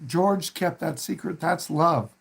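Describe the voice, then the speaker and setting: A man with a slightly higher-than-usual voice talks through a favorite film at an easy, rambling pace. He stops often with fillers and restarts his sentences. When he quotes the characters, he raises his voice to act out their lines. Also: slow pace, creaky, slightly rough. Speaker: host. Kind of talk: casual film discussion.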